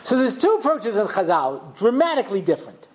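A man's voice: sits high, wildly swooping pitch, a little fast, a little hiss or hum, low-quality recording. A man, a rabbi, teaching a class in a conversational storytelling way, often checking in with his listeners. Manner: conversational, tells stories acting out the voices, checks in with "yeah?". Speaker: rabbi giving a Torah class. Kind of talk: lecture with storytelling.

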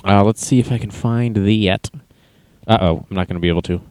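A man's voice: fairly low pitch, a little fast, a little mellow, no room sound. A man hosting a casual livestream, reading chat messages and news aloud with sarcastic, mocking asides. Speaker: livestream host.

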